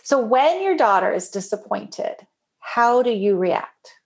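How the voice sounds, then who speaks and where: High lively woman coach, lots of ups and downs in her voice, asks probing questions. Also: measured pace. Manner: animated, playfully acts out the client's inner voice. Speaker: life coach. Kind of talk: coaching session.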